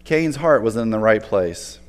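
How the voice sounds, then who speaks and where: A man's voice: on the low side, lively intonation, a little slow. A man preaching a sermon as a pastor, talking casually and conversationally and often restarting words. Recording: long hall reverb.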